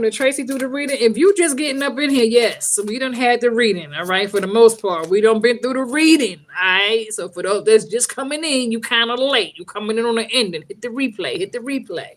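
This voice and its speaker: A woman from the Bronx with a New York accent, reading tarot from home in a brash, profane, joking live-stream chat. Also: fairly high pitch. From Bronx, New York City. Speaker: tarot reader.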